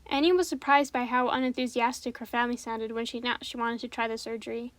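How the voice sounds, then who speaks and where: A woman narrates a spooky story in a calm, steady voice. Her voice sits a little high, and she keeps it measured. The recording is dry and close, with no room sound. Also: no echo.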